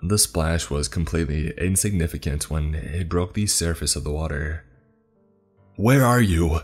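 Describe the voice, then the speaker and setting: A man narrating a horror story in the first person, measured and somber. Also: a bass voice, steady tone, darkish tone, soft background music.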